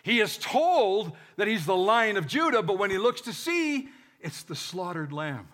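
A man's voice: high voice, very animated, measured pace, a bit bright. A man preaching a sermon, reading scripture with joking asides and leading the congregation in call-and-response. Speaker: pastor.

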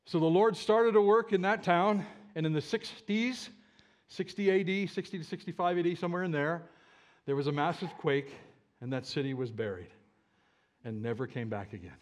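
A man preaches to his church with a fairly high voice. He swings between loud, emphatic calls and soft, low asides. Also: normal speed. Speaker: pastor. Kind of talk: sermon. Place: church sanctuary with a live congregation.

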